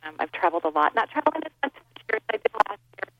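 A woman's voice: mid-range voice, very animated, racing, no echo. Gracious woman guest on a muffled phone line. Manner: warm, laughing and gracious. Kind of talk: phone interview. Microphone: cordless landline phone. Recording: muffled landline phone call.

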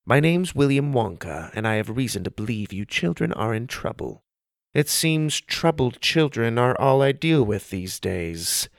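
A man voicing a twitchy, paranoid adult male chocolatier with fretful, high, strained speech. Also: sing-song, unhurried, no echo, clean studio sound. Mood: wary.

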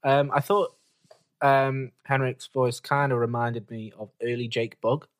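Playful male podcast co-host, mid pitch, dry sound. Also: level tone, measured pace, no room sound. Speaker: podcast co-host reviewing albums. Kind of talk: casual chat.

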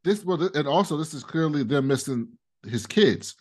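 A man co-hosting a casual TV recap chat, animated and laughing often as he acts out characters' lines. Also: fairly high pitch, moderate pace. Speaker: podcast co-host.

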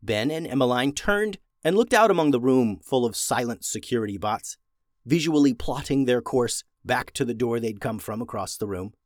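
A man's voice: medium pitch, dry recording, studio quality. Man reading a children's story aloud. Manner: expressive, dramatic slowing for suspense.

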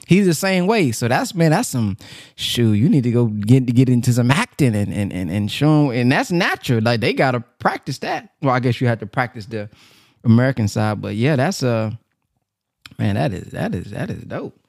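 A man hosting a call-in program, talking in an animated, enthusiastic, casual way with slang. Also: mid-range voice, normal speed, vocal fry, dry recording, clean studio sound. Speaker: host.

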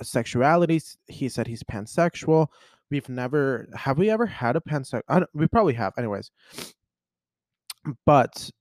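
A young man chatting casually on his own as a podcast host, rambling, excitable and often cutting himself off mid-thought. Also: medium pitch, dry recording, clean studio sound. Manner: rambling, self-interrupting, excitable. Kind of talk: casual solo chat.

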